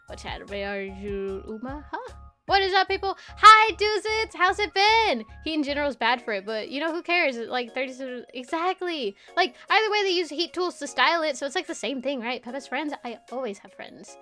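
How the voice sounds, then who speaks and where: A high-pitched young woman chats her way through a casual live stream, giggling and swearing as she talks to her viewers. Faint music plays behind her. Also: fairly bright tone. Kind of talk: casual livestream chat.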